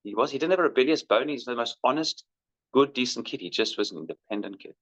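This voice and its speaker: A man's voice: medium pitch, animated, quick pace, fairly bright tone. A middle-aged man, telling stories about his son in a candid way and livening up when he quotes people. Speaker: father recounting his son. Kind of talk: conversational storytelling. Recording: muffled lo-fi recording.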